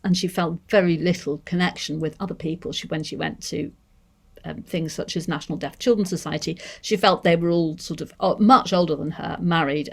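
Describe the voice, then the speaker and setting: A woman with a Manchester accent giving a seminar talk on deaf education, measured and thoughtful, pausing to rephrase. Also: lowish voice. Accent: English, Manchester. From Manchester, England. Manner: measured, thoughtful, with restarts and hedges.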